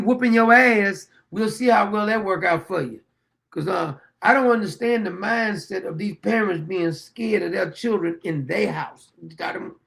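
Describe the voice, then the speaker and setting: A man's voice: sits high, vocal fry, a bit bright. A middle-aged man hosting his own show, delivering a blunt, preachy, rambling opinion monologue. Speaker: show host.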